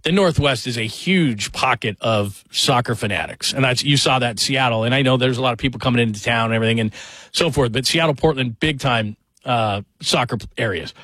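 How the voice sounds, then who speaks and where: A radio host in his forties, medium-pitched and fairly quick, chats casually in a dry recording. He tells stories in a rambling, self-deprecating, animated way.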